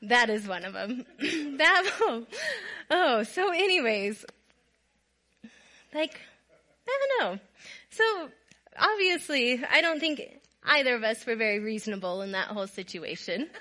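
Speaking to her viewers, a middle-aged vlogger from Minnesota recounts an amusing story, laughing often and staying animated. Her voice is on the high side, a little slow, with long pauses.

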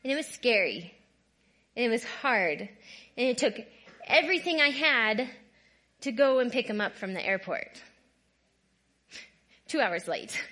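A woman with a high, bright voice shares her personal testimony in a candid, conversational way. She often checks in with her listeners, shifting between hushed, quiet moments and louder stretches. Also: animated, normal speed, long pauses. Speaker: guest speaker.

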